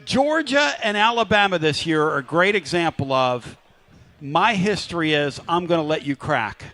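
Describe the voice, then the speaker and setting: A man hosting a live sports talk radio show from a restaurant, talking loud and hyped as he works up the crowd. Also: fairly high pitch, expressive, moderate pace. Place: live remote broadcast at a riverside restaurant.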